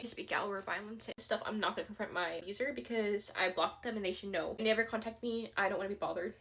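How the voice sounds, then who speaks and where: A young woman races through a get-ready-with-me confession, her words tumbling out breathless and scattered. She talks into a phone held at arm's length in her home, at a middling pitch. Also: fast talker, few pauses, fairly bright tone, husky. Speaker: vlogger.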